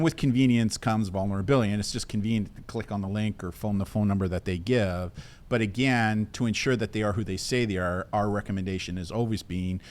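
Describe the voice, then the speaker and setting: A man's voice: on the low side, a little mellow. An older man co-hosting a casual tech-safety chat, teasing his partner and asking plain questions for older viewers. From Canada. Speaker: co-host.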